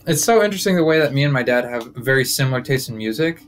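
Young male comic, casual rambling podcast monologue, mid-pitched, wisecracking and self-interrupting. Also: animated, fast, soft background music. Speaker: comedian and podcast host.

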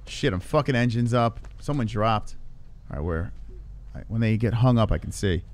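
A man with a fairly low, expressive voice talks at a moderate pace while streaming a horror game live from his home gaming computer. He swears frequently, gets startled easily, and makes fun of how he's playing.

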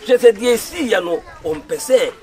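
A man's voice: high voice, expressive, normal speed. A Ghanaian man acting a young man who reassures his sick sweetheart in a film drama, coaxing and earnest. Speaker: actor. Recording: loud crowd noise behind.

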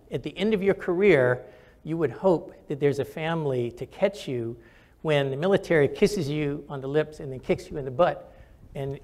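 A man's voice: medium pitch, darkish tone. An older man, a retired general and physician, answering audience questions with candid stories and frequent fillers.

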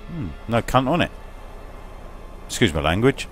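A man's voice: medium pitch, sing-song, a little slow, soft background music. Crude jokey London man. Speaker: gamer. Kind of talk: casual gameplay commentary.

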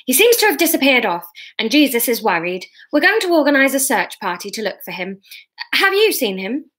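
A woman's voice: high voice, big pitch swings, fairly quick, a bit bright, voice pushed up. Woman playing an anxious, dithering young woman. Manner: anxious and insistent.

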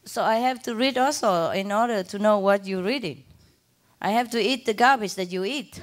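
A woman spiritual teacher telling stories to her followers in a casual, animated way, laughing often. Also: medium pitch. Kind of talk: casual storytelling talk to followers.

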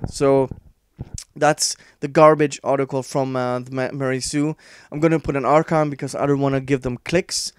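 A man reacting to an article he reads aloud, frustrated and sarcastic, halting often with fillers. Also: medium pitch, steady tone, smooth, no room sound, studio quality. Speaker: online commentator.

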